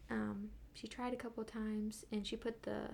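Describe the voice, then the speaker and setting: Woman guest telling a story, chatty, kinda gravelly, whispers bits. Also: medium pitch, moderate pace, a little hiss or hum. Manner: animated retelling, drops into whispers. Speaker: podcast guest, midwifery student. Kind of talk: casual storytelling.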